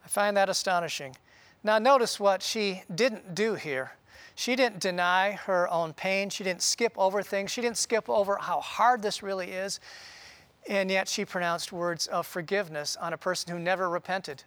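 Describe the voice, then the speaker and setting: A man preaching a sermon in an earnest, conversational way, often pausing with "uh". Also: high voice, a bit bright, no echo. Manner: earnest, conversational, with frequent "uh" pauses. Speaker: pastor.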